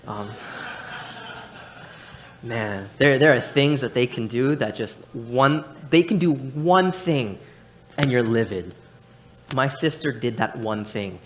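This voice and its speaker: A man's voice: medium pitch, animated, slow pace, pauses often, a bit bright. Young man preaching with a personal story. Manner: personal storytelling with many restarts. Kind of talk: sermon. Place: church sanctuary.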